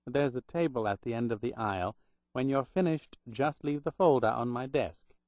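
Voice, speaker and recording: A man's voice: medium pitch, normal speed, no room sound, highs cut off, close to an everyday voice. A man voicing a chatty, portly woman hospital clerk with a Boston accent, gushing and gossipy.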